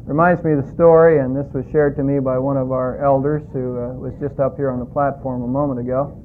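A man's voice: little pitch movement, a little fast. A male pastor preaching a sermon in a folksy, hesitant way with frequent fillers. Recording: tinny phone-like line, faint rumble.

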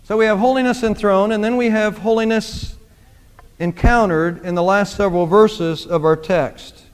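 High-pitched pastor guy preaching, smooth clear voice, echoes in a big church. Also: fairly even intonation, normal speed. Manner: emphatic, repeats phrases for emphasis. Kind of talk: sermon. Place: church sanctuary. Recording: long church reverb.

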